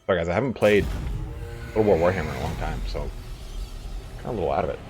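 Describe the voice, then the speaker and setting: A man with a deep, low-pitched voice talks through a strategy game in a loose, rambling let's-play style. He swears freely and chuckles often. Faint game music plays quietly behind him. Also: fast. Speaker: gaming video host. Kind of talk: casual let's-play commentary.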